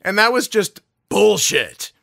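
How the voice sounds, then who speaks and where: A man, a guest voice actor, telling a story in a casual interview, animated and swearing freely. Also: sits high, takes it slowly, creaky, no echo, studio quality.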